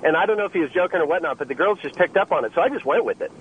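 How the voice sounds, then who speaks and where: A man's voice: on the high side, lively intonation, very fast, narrow, tinny audio, slight background noise. A male caller telling a story on a radio show, rambling with hesitations.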